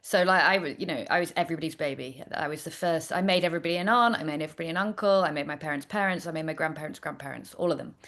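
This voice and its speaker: A woman's voice: deep voice, racing, hardly any pauses, a bit bright. A woman, a chatty guest telling stories in a casual interview. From Nottingham, England. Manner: chatty storyteller, trailing off. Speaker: astrologer guest.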